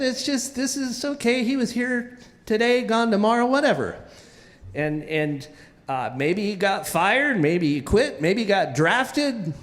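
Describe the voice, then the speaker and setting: A high-voiced man tells a funny personal story, taking his time and dropping in sound effects. His voice carries a long reverb, like a stage in a big hall. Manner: animated comic storytelling with sound-effect interjections.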